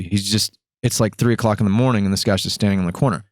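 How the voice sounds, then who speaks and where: A man hosting a podcast, telling a story in a casual, animated way, acting out voices and swearing freely. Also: lowish voice, racing, hardly any pauses, dry recording. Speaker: podcast host.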